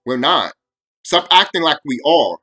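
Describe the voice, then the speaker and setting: A man's voice: on the high side, big pitch swings, unhurried, bright, forceful tone. A young man ranting to camera on his video channel, heated and full of profanity and repeated phrases. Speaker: vlogger.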